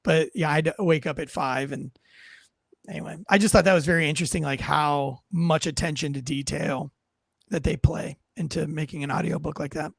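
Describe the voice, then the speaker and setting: A man's voice: fairly high pitch, fairly even intonation, a little fast, gravelly, slightly rough, no echo. A man, a guest author, telling stories with enthusiasm and theatrical flair, then reading his memoir aloud with drama. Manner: enthusiastic, theatrical, lots of fillers. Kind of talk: animated storytelling and dramatic reading.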